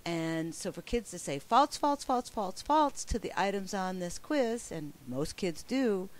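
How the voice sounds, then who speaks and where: Lowish-voiced woman trainer, emphatic, upbeat webinar presenter. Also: expressive, unhurried. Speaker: professional development trainer. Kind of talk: recorded teacher training webinar.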